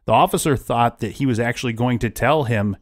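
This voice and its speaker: A man's voice: medium pitch, a little fast. A man hosting a casual true-crime podcast, retelling events at length with frequent restarts. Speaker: podcast host.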